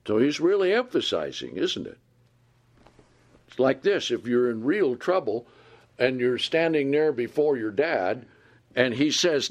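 Slow, lively-voiced man preaching. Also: mid-range voice. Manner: asks the listeners questions and answers them; reads scripture aloud with slow emphasis. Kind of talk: Bible teaching sermon.

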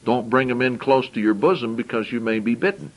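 A man's voice: mid-range voice, fairly quick, muffled recording. Man preaching, scripture and plain asides. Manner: reads verses aloud, then explains in plain conversational asides; repeats words and restarts phrases while thinking aloud. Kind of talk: sermon with scripture reading.

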